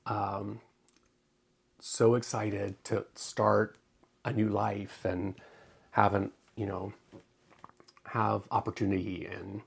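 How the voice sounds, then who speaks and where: A man with a low, gravelly voice and a husky edge talks casually on his livestream. He is emotional and close to tears, stopping often with ums as he searches for words. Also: flat delivery, slow pace, long pauses. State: tearful. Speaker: crafting channel host.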